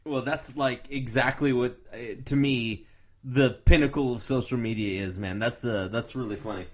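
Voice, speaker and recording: A man's voice: mid-range voice, normal speed. A young man co-hosting a podcast, telling stories in casual chat and laughing easily. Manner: lively, laughing storyteller. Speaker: podcast co-host.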